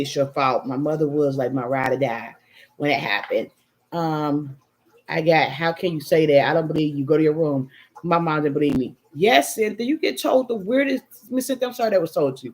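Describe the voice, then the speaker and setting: Reading viewer comments on a laid-back livestream, a middle-aged woman with a Chicago-area accent speaks candidly and emphatically, sipping wine. Her voice sits low and sounds a little mellow.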